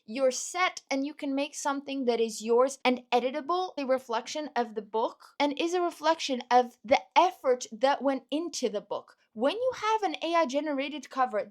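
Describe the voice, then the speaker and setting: A woman's voice: sits high, animated, normal speed, few pauses. A young woman hosting a solo podcast, ranting in an opinionated, exasperated way while she is losing her voice. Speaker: podcast host.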